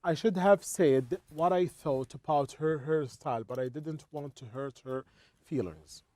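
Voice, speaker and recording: A man teaching an English lesson, explaining slowly and repeating words as he goes. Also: on the high side, mellow, no room sound.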